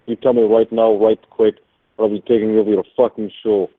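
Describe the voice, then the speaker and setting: A man's voice: on the low side, flat delivery, a little fast, no echo. A man calling in to a radio show to complain, stiff and threatening. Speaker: caller. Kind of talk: call-in complaint. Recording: dry tinny phone line.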